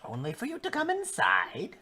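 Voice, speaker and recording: A woman's voice: mid-range voice, wildly swooping pitch, normal speed, heavy background noise, voice pushed up. A woman voicing a sinister old hag who wheedles and calls people dearie, sometimes in a whisper, in a tabletop game. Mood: whispery coaxing.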